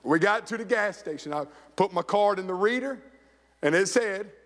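In an echoey church sanctuary, a pastor with a high, slightly bright voice and lively intonation preaches at a moderate pace. He tells stories, stepping into the voices of the people he quotes.

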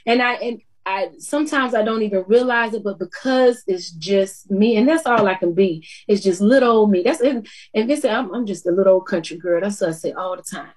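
A woman's voice: mid-range voice, brisk, few pauses, breathy edge. A woman, a TV news anchor, chatting in an interview in a down-to-earth way and laughing often. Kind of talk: casual interview chat.

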